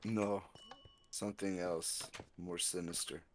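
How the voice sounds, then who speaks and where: A man playing a game alongside the streamer, chatting casually with dry, deadpan quips. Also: low voice, slow pace, background noise. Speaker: co-player. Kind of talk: casual chat while gaming. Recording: music behind the voice.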